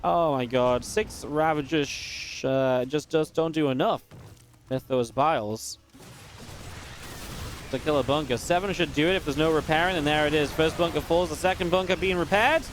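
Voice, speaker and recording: A man giving live play-by-play commentary on a strategy game match, quick and excitable, with restarts and filler words. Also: fairly high pitch, soft background music. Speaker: esports caster.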